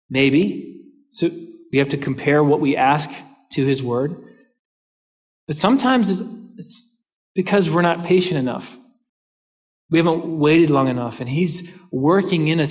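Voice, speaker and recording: A man delivers a sermon from the pulpit, his voice sitting a little higher than most men's. He tells a personal story and acts out the dialogue in it. His words ring out with a long reverb trailing after them in a large hall. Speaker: pastor.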